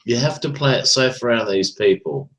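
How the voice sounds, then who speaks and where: A man's voice: mid-range voice, animated, normal speed, fairly bright tone, low-quality recording. A man calling in to an online talk show, ranting and swearing, tagging "right?" onto his points. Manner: ranting, profane, repeats "right?". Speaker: caller. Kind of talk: casual chat.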